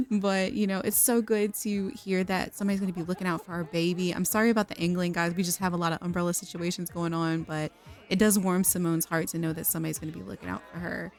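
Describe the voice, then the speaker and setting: A woman's voice: fairly low pitch, fairly even intonation, quick pace, faint music behind. A woman hosting a video, chatting her way through a life-simulation game with giggly asides and apologies to her viewers. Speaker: gaming video host. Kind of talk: casual let's play narration.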